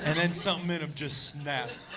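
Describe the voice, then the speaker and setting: A man performing stand-up storytelling, animated and profane, acting out the voices of the people in his tale. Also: on the high side, brisk, a loud crowd. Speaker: stand-up comedian. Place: comedy stage before a live audience. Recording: live stand-up with loud audience laughter and noise.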